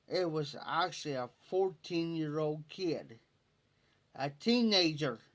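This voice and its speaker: A man from Ohio with a slightly high, somewhat bright voice hosts a livestream, casually telling a long, rambling fishing story in folksy rural speech and repeating "I said" over and over.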